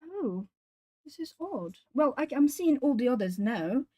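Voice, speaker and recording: A woman with a somewhat high voice talks casually during a colouring livestream. She picks up viewer comments and answers them in a loose, chatty way, as if talking across the desk. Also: big pitch swings, measured pace, mellow, low-quality recording. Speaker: art streamer. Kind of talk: casual live-stream chat. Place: home art desk.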